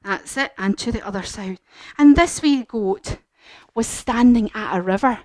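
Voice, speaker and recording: A woman leading a children's yoga lesson as a story, animated and encouraging. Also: fairly high pitch, measured pace. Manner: animated, encouraging, sing-song. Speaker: kids yoga teacher.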